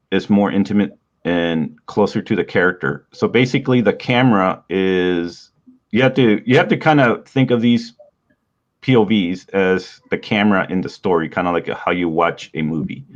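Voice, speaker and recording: A man hosting a writing podcast, explaining in a relaxed, rambling teaching talk with frequent small laughs and a stuffy nose. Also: low voice. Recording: dull lo-fi sound.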